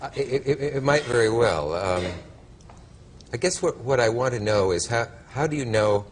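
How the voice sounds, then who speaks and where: A man's voice: mid-range voice, expressive, moderate pace. A man hosting a talk show, asking questions in a wry, teasing way.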